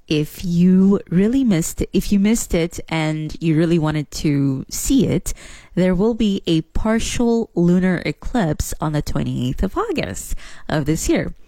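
A woman from Southern Africa hosting a radio show, chatting excitedly. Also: sits low, gravelly, no echo. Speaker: radio host. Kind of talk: casual radio talk.

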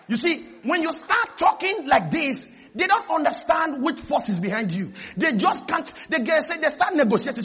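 High, bright-voiced preacher shouting a sermon. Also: male voice, moderate pace. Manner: animated, shouting, laughing at his own points. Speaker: pastor.

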